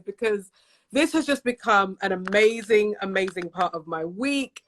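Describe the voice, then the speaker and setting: A woman's voice: a little high, normal speed, fairly bright tone. Bubbly British woman guest on video call. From United Kingdom. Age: 40s. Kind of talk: casual livestream chat.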